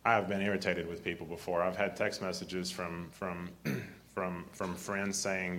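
A man preaches a sermon in a deep, grumbly voice with a somewhat low pitch. He clears his throat often and restarts his sentences as he goes. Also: flat delivery, normal speed, few pauses, a bit bright, a little hiss or hum.

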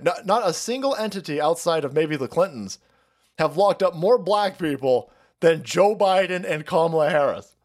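A man hosting a livestream, ranting about politics in a crude, mocking way with many restarts. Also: fairly high pitch. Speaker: livestream host. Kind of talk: profane political rant.

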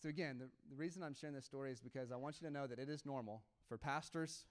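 A young adult man, a pastor, telling a story in a sermon in a casual, animated way with laughs and quoted dialogue. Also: mid-range voice, quick pace.

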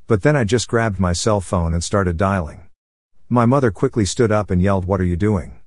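Low-voiced man narrating a story. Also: moderate pace, darkish tone, no room sound. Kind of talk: scripted first-person narration.

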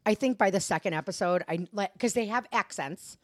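A woman's voice: mid-range voice, brisk, no room sound, studio quality. A young adult woman co-hosting a podcast, chatting casually with lots of fillers, restarts and giggles. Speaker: podcast co-host. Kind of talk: casual chat.

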